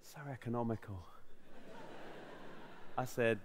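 A man with a South London accent telling stories in a stand-up comedy set, animated and prone to slipping into put-on voices. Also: medium pitch, slow pace, very noisy. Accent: South London English. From England. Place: comedy venue with audience.

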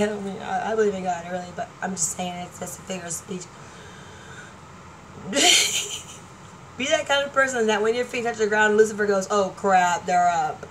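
A woman talks straight to her audience in an excitable, chatty way, her voice sitting a little high. She laughs often as she goes. A faint hum of room noise stays underneath. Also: low-quality recording. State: partially deaf. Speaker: vlogger. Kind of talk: casual chat to camera.

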